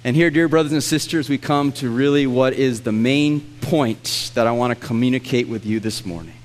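A man's voice: mid-range voice, moderate pace, faint music behind. A man preaching a sermon as a pastor, reading scripture earnestly and letting his voice rise and swell on the pleading lines.

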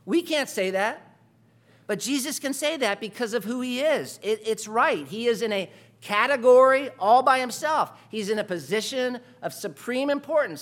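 A man preaching a sermon, emphatic and full of rhetorical questions, moving between quiet asides and loud stresses. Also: extremely high pitch.

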